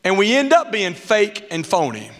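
A high-voiced pastor delivers a lively sermon from a church stage, slipping into mocking character voices as he goes. His words ring out with a long hall reverb around them. The delivery is playful and animated. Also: normal speed. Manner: animated, acts out mask characters with funny voices. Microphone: muffled through a mask.

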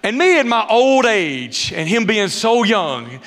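A male pastor with a high voice delivers a sermon full of humorous personal stories at a measured pace in a reverberant church sanctuary. He's an animated storyteller who uses dialect grammar and acts out his quotes.

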